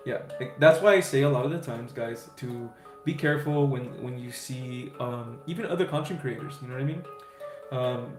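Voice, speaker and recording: A man of middle pitch hosts a casual spiritual livestream and answers viewer questions from chat. He talks in an easygoing, reassuring way and keeps checking in with "right?" and "okay?". His voice rings in a roomy indoor space, with faint music under it. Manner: easygoing and reassuring, many fillers and "right?" tags.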